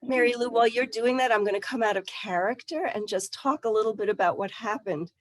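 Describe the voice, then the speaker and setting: A woman facilitating a spiritual workshop, reflecting back what a participant shared and explaining the listening exercise calmly. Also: on the high side, a little fast, no echo. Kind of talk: teaching through role-play.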